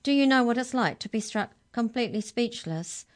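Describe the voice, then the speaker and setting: A woman voicing a small, furious, caged female creature in a storybook, shouting indignantly. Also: fairly high pitch, lively intonation, a little fast, pitched above the performer's own voice, lightly acted. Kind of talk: storybook reading.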